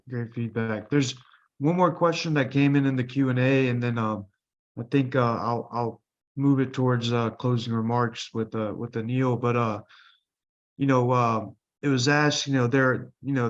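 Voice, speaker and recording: A man moderating a webinar who speaks hesitantly, restarting and repeating words. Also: medium pitch. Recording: dull lo-fi call audio.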